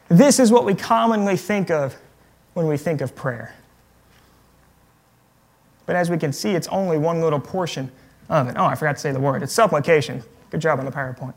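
Male pastor, relaxed preaching voice with gentle jokes, a touch higher than most men. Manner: conversational preaching with light humor. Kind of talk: sermon.

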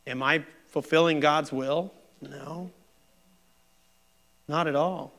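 A middle-aged man delivers a sermon with a bright, forward tone that sits a little high. He preaches conversationally, owning up to his own faults with easy self-deprecation. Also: fairly even intonation, slow pace. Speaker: pastor.

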